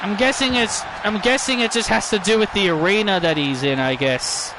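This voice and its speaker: A man doing excitable play-by-play wrestling commentary over a video game, shouting on big moves and repeating himself. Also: high-pitched, normal speed, noisy background.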